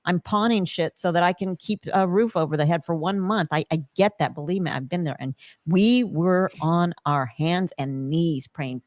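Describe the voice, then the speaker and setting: A woman's voice: on the low side, dry recording. A middle-aged woman hosting a podcast, earnestly telling her own story of hardship and faith, quoting herself and others as she goes. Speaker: podcast host. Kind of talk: emotional personal storytelling.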